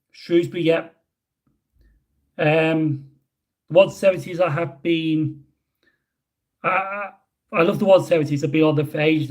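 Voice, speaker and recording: A British man casually chatting with his livestream audience and answering chat questions, rambling with many pauses. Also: on the high side, darkish tone. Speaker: livestream host reading chat. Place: indoors, hotel room.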